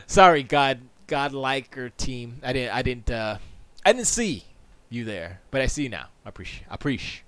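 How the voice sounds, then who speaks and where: A man's voice: mid-range voice, fairly bright tone, dry recording. A man hosting a live stream from his home studio, chatting casually, rambling and interrupting himself, often laughing. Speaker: streamer and show host.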